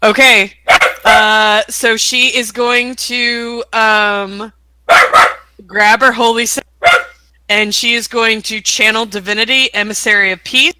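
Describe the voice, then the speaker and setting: A woman playing a tabletop game, calmly describing her character's actions. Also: a little high, slow, very noisy. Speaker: player. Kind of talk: tabletop role-play.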